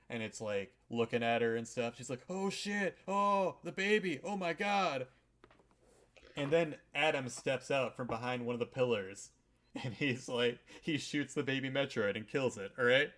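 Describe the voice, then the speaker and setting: A man's voice: medium pitch, a bit bright. A man hosting a podcast, casually recapping a game's story in a rambling, irreverent way, with lots of swearing and filler words. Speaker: podcast host. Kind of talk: casual chat recapping a video game.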